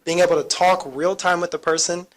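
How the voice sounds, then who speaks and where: Man, higher pitch, eager and chatty, panel speaker at a seminar. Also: fairly even intonation, a little fast. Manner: eager, chatty, self-deprecating. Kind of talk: casual seminar talk.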